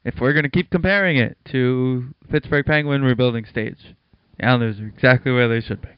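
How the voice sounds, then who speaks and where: A man co-hosting a casual sports podcast, chatty and quick to laugh, running the show's plugs and segues. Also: mid-range voice, clean tone, no room sound, lo-fi sound. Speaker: podcast co-host.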